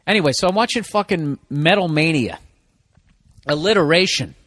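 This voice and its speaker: A comedian hosts his own podcast, riffing alone in a loose, profane, sarcastic stream of thought. His voice sits high for a man. The recording is dry and close. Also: expressive, fast, a bit bright, dry recording. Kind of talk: solo podcast rant.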